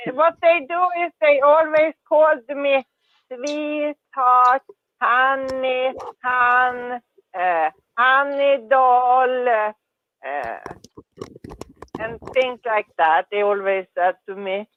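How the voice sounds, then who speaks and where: A woman's voice: high voice, takes it slowly. A woman chatting casually in a group call, hesitant and searching for words. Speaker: caller in group chat. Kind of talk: casual chat. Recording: tinny dry phone line.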